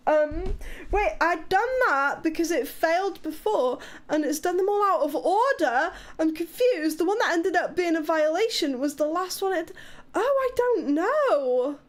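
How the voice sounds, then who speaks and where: A British-accented woman from Wales chatting on a live stream, with a high, bright voice. She talks in a loose, chaotic way, swearing freely and breaking into laughter. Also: expressive, unhurried. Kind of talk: casual live-stream chat.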